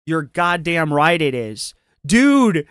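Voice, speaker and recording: A man's voice: a little high, very animated, slow, a bit bright, clear, resonant tone, dry recording, studio quality. A man hosting a casual stream, chatting in a laid-back, profane way and laughing often. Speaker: stream host. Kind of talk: casual commentary chat.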